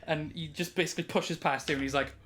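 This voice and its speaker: A game master, narrating a tabletop game in a relaxed, sweary, laughing way. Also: mid-range voice, quick pace.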